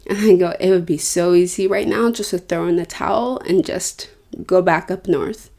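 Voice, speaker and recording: A woman's voice: lowish voice, fairly even intonation, moderate pace, creaky, a little mellow. A young adult woman from Northern California, hosting a podcast, earnest and emotional as she talks about her own life and acts out her prayers. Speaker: podcast host. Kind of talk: personal reflective monologue.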